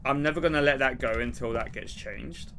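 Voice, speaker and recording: A young man streaming a game, rambling and laughing as he plays, now and then shouting. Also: medium pitch, a little fast, noisy background. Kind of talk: casual gameplay commentary.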